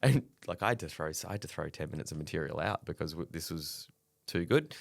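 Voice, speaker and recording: A man's voice: very deep voice, animated, fast talker, vocal fry, dry recording. A man, a comedian chatting candidly on a podcast, swearing freely and laughing between stories. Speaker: comedian guest. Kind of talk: casual podcast chat.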